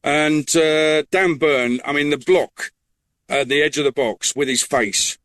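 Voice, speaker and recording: A man's voice: on the high side, a little slow, fairly bright tone. A man giving post-match radio analysis, enthusiastic and full of praise for the players. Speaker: football reporter.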